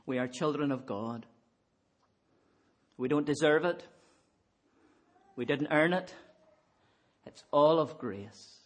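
A man preaching a sermon in a measured, earnest way, leaning on repeated refrains. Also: a little high.

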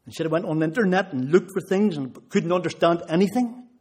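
A man's voice: fairly high pitch, fast, darkish tone, slightly rough. A man giving a sermon testimony, retelling conversations with rising intensity. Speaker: preacher.

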